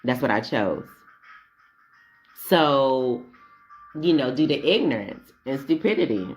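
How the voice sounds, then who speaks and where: A woman's voice: very deep voice, very animated, slow pace, faint music behind. A woman vlogging in a blunt, profane, casual monologue that wanders off on tangents.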